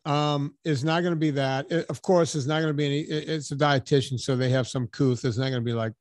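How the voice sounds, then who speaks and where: A man's voice: fairly high pitch, fairly even intonation, quick pace, no echo, studio quality. A middle-aged man hosting a podcast in casual chat, thinking aloud with restarts and fillers. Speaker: podcast host.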